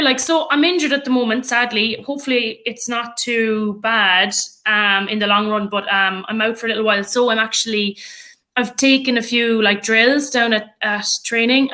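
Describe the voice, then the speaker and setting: A woman with an Irish accent, chatting as a podcast guest in an animated way, with many fillers and frequent laughs. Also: on the high side. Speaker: podcast guest, rugby player and coach. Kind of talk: casual chat.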